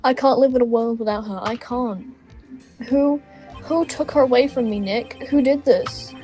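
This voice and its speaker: A woman's voice: a little high, normal speed, warm tone, muffled recording, soft background music, pitched above the performer's own voice, natural voice. A young English woman reading the lines of an overwrought, despairing young man. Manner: overwrought wailing lines read aloud. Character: despairing young man, dramatic, melodramatic friend.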